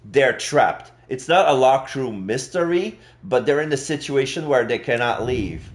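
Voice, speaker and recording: A man talks through a game on a live stream, slowly and unhurriedly. He pauses often, restarts his sentences, and fills the gaps as he thinks aloud in casual, friendly commentary. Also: mid-range voice, expressive. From Quebec. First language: French. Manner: slow, halting, many fillers and restarts.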